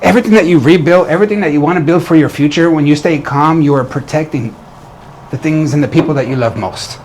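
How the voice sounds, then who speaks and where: An earnest man coaching other men on relationships, his voice sitting a little high. He often restarts and repeats his phrases as he talks. Faint noise hums behind him. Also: fast talker, darkish tone. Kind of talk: motivational talk to camera.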